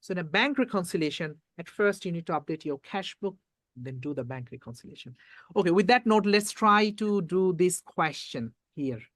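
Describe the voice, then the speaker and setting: Revision tutor, mid-pitched, talks students through exam questions step by step and repeats key points; dry close recording. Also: animated, fairly bright tone, no echo. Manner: reads questions aloud slowly, quizzes and repeats points.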